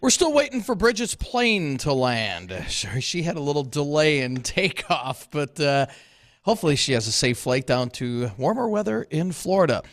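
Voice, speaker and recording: A man's voice: on the high side, very animated, moderate pace, a bit bright, dry recording. A man hosting a radio talk show, chatty with frequent fillers, interviewing a guest. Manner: chatty, laughs easily, hesitant fillers. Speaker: radio host, meteorologist. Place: radio studio.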